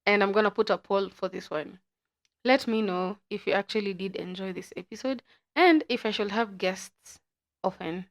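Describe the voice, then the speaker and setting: A woman's voice: mid-range voice, normal speed. A woman with a Kenyan accent hosting a podcast, chatting casually in a playful, chatty way. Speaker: podcast host.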